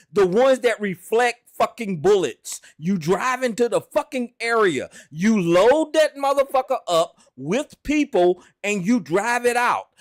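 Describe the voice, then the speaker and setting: A man's voice: high-pitched, dry recording, clean studio sound. A man hosting a heated call-in argument, profane and insistent, repeating himself again and again.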